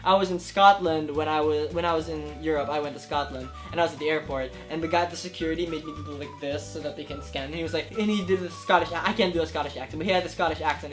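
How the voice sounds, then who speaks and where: Few pauses break the racing, fairly high-pitched speech of this YouTube creator in his 20s as he answers viewer questions into the camera in front of him. Faint music plays behind his casual vlog, and his excitable, gushing manner comes with lively swings in loudness.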